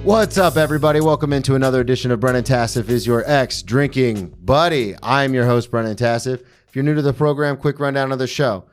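A man's voice: mid-range voice, quick pace, hardly any pauses, faint music behind. A man hosting a podcast in a loose, easygoing way, laughing often. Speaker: podcast host. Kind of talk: casual podcast chat.

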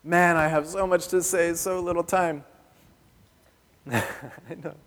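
A little slow and steady, a man's voice on the high side carries a sermon through a church hall's long reverb. The pastor stays conversational and humorous, quizzing his congregation.

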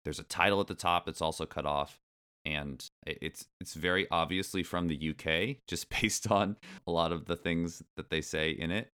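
A man with a very deep, low voice hosts a casual podcast. He talks in a chatty, easygoing way and slips ironic asides into what he reads. He laughs often. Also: fairly even intonation, normal speed, sharp tone, clean tone. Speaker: podcast host.

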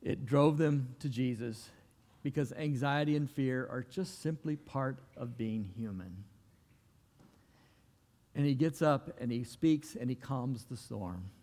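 A man preaching in a church, his voice trailing off into a long hall reverb. He talks in a relaxed, folksy storytelling way, with mid-range pitch, and now and then acts out the people he quotes. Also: slow. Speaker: pastor. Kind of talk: sermon.

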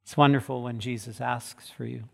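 A man's voice: medium pitch, fairly even intonation, moderate pace, vocal fry, a bit bright. A man giving a sermon as pastor, earnest and emphatic, repeating key words for weight. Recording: long hall reverb.

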